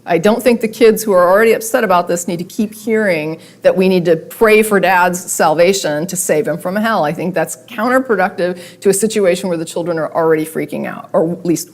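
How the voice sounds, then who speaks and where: A woman giving a public talk, speaking conversationally with wry asides and animated emphasis. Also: on the low side, brisk, hardly any pauses. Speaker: guest speaker. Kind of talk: public talk with read-aloud letters.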